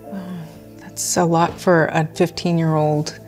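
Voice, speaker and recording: A woman reporter asking gentle, probing interview questions. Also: low voice, little pitch movement, unhurried. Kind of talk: documentary interview. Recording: faint music underneath.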